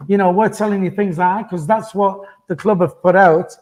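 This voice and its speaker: A man's voice: high voice, fairly even intonation, brisk, darkish tone. A man hosting a casual post-match fan chat, rambling with lots of ums and uhs. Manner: rambling with many fillers. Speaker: fan channel host.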